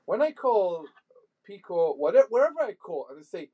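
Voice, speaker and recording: A man co-hosting a radio talk show, joking and teasing in casual banter with halting phrasing. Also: on the high side, very animated, warm tone, rough recording.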